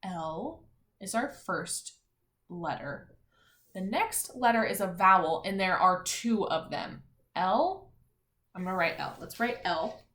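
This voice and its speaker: Woman teacher, unhurried, encouraging, spelling lesson for young kids, roomy echo. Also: fairly low pitch, lively intonation, fairly bright tone. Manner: slow, clear, encouraging teacher talk to young children. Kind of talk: early-grades phonics lesson. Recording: echoey room.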